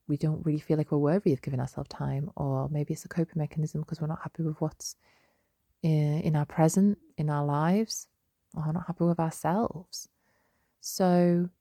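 A young woman hosting a solo podcast, chatty and gentle, with many fillers and restarts. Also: deep voice, vocal fry, dry recording, studio quality. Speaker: podcast host. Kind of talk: casual solo podcast talk.

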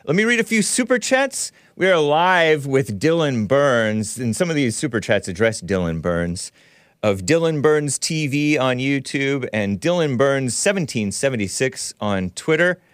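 A man hosting a live call-in talk show, upbeat and breezy, with quick asides. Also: smooth, dry recording, clean studio sound. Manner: upbeat, quick asides and bursts of high excitement.

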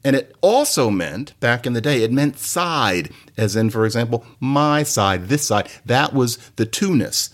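A man hosting a podcast delivers a playful, rambling explanatory monologue in an expressive voice. He talks a little slowly but barely pauses, lecturing with sudden jumps in pitch as he wanders off on tangents.

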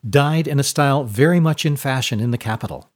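A man's voice: mid-range voice, brisk, voice pushed up, close to an everyday voice. A middle-aged tailor, deferential and eager to please a wealthy customer, as a man reads him aloud. He speaks politely and carefully. This is a storybook reading. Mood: fawning. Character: fawning middle-aged male tailor, father.

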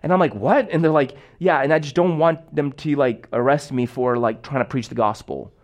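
A man's voice: mid-range voice, fairly even intonation, a little fast. A young man preaching a sermon in a casual, storytelling way, full of fillers and restarts. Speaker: pastor.

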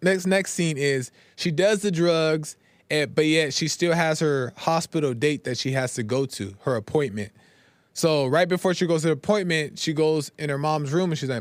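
A man's voice: fairly high pitch, dry recording. A man hosting a podcast, talking casually about faith and struggle, often checking in with "right?" and retelling scenes in his own words. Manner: retells scenes with loose quoted dialogue. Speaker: podcast host. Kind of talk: casual spiritual talk.

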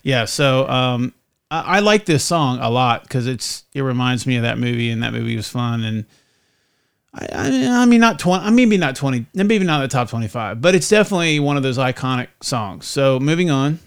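Middle-aged guy cohosting, gravelly but smooth voice, rambles and restarts a lot. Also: mid-range voice, very animated, normal speed, no echo, clean studio sound. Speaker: podcast co-host. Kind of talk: casual chat.

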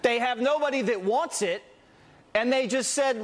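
A man hosting a cable news show with emphatic, loud commentary. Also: very high-pitched, normal speed. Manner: emphatic, loud broadcast delivery. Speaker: TV news host.

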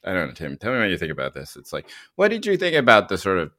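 A man's voice: low-pitched, wildly swooping pitch, quick pace, sharp tone. A man co-hosting a casual political chat, rambling with many fillers and restarts. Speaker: podcast co-host.

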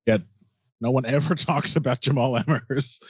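A man's voice: mid-range voice, normal speed, slightly rough, no room sound. A man co-hosting a sports podcast, chatting in a wry, knowledgeable way and laughing often. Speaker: podcast co-host. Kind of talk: casual sports podcast chat. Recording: dull, lo-fi dry sound.

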